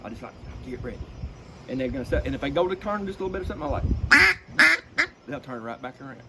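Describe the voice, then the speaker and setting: Man, middle-aged, folksy, animated, duck-call imitations, noisy recording. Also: mid-range voice, racing. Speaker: duck-calling expert. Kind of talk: casual explanatory chat with vocal demonstrations. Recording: noisy background.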